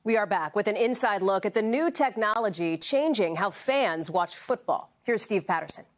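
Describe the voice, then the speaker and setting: A woman's voice: mid-range voice, animated, normal speed, soft background music. A woman anchoring a national evening newscast in a polished, scripted delivery. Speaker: news anchor.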